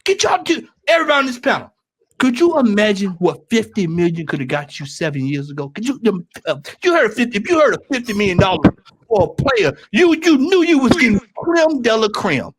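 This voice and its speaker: Ranting Southern American man, high lively voice. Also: fairly quick, slight background noise. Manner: ranting, repetitive, rising to shouts. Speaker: panelist. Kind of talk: heated football fan rant.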